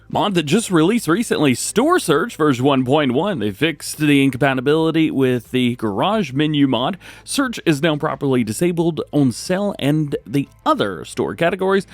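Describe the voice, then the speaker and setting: A male gaming host reads through game mod changelogs. His voice sits fairly high and swings all over the place as he adds wry little comments. The sound is dry and close. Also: no echo. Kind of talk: mod update rundown.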